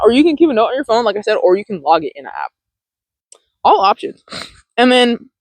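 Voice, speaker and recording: A self-help host talking casually to camera, rambling with fillers and laughs, gentle and encouraging. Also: mid-range voice, no room sound, rough recording.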